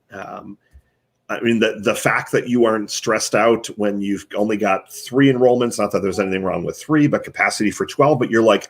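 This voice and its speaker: A man with a somewhat low, husky voice walks a guest through his advice one numbered point at a time. He hosts a live online chat and sounds earnest and coaching rather than scripted. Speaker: host and marketing consultant.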